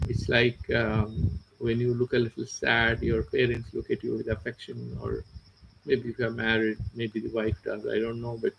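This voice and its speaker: A man's voice: medium pitch, vocal fry, slight background noise, rough recording. A man with an Indian English accent teaching philosophy, explaining verses with everyday examples and mixing in Sanskrit and Hindi. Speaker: Vedanta teacher. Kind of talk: philosophy lecture.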